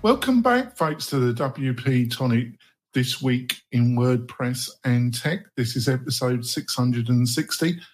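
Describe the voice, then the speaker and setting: A man hosting a roundtable podcast, joking and laughing with many halting fillers. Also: medium pitch, lively intonation, soft background music. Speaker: podcast host. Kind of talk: casual roundtable chat.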